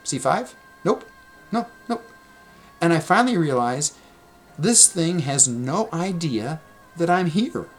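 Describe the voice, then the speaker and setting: Man, hoarse, gravelly, voice cracks, rambling, exasperated, swearing, casual vlog. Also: medium pitch.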